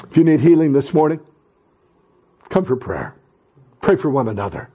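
A middle-aged male pastor preaching a sermon, fervent and repetitive, swelling into loud exhortation and stumbling into restarts during asides. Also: medium pitch, big pitch swings, normal speed, pauses often, husky, rough recording.

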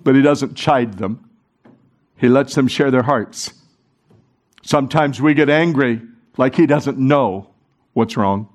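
A man preaching a sermon to a congregation, animated, talking with the room and acting out the quoted voices. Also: medium pitch, takes it slowly, pauses often. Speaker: pastor.

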